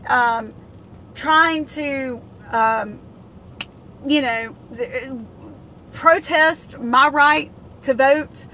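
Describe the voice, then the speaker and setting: A woman's voice: sits high, fairly bright tone, slight background noise. An American woman in an angry, indignant political rant, stumbling over fillers and restarts as she vents. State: livid. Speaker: political vlogger.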